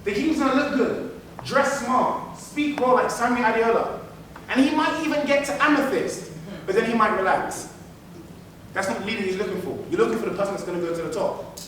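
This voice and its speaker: A man giving an animated motivational business keynote, repeating phrases for emphasis. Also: very high-pitched, brisk. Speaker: keynote speaker. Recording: echoey hall, mic from far off, faint noise.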